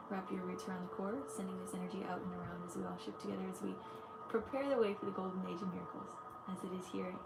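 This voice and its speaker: A young woman, an energy healer, guiding a meditation in a soft, slow voice on a live stream. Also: medium pitch, vocal fry, heavy background noise. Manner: bubbly and gushing when chatting. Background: music playing.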